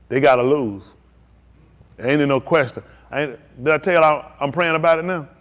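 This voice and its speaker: A pastor preaches a live-streamed sermon to his congregation in a fairly bright voice on the high side. He's emphatic and repetitive, hammering home short, punchy declarations.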